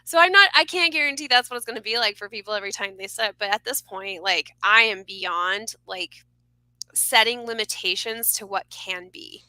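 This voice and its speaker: A woman speaking as a podcast guest, earnest and expressive, laughing often as she talks about mystical experiences. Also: mid-range voice, normal speed, dry recording, rough recording. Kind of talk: casual conversation.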